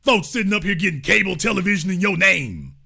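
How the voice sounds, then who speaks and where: Man, high voice, swooping pitch, profane comedic rant, acts out quoted voices. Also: quick pace, vocal fry, breathy edge. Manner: profane, animated, keeps acting out quoted voices. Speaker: political commentary host.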